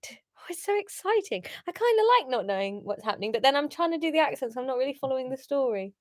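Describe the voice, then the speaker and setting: A woman with a high, bright-pitched voice reads her own story aloud to a live audience. She breaks off into chatty, giggly asides, and the sound is dry and close. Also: sing-song, brisk, no echo. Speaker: author reading her own book. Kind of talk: live-streamed reading with chat asides.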